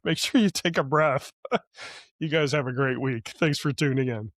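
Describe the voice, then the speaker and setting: A man's voice: mid-range voice, moderate pace, fairly bright tone, no room sound, studio quality. A middle-aged man co-hosting a business podcast, chatty and rambling, laughing often between asides. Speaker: podcast co-host. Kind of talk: casual podcast chat.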